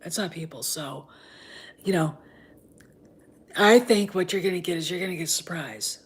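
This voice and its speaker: A woman's voice: on the low side, normal speed, breathy edge. A woman hosting a fan show in casual chat, rambling and often dropping into whispers.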